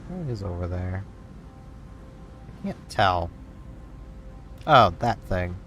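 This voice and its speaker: A man's voice: deep voice, very animated, slow, a bit bright, faint music behind. A man with a Canadian accent giving casual, sarcastic commentary while streaming a game. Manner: wry, sarcastic asides.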